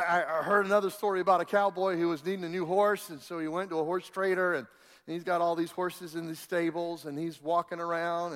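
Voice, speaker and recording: A high-voiced male pastor preaches in a folksy, animated storytelling way, stumbling over restarts as he builds his point. His voice rings out with a long hall reverb around it, as in a church sanctuary. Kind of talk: sermon with storytelling.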